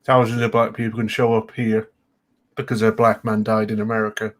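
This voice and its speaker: A man's voice: lowish voice, monotone, brisk. A man who is a guest on a casual livestream, speaking bluntly with frequent swearing and short replies.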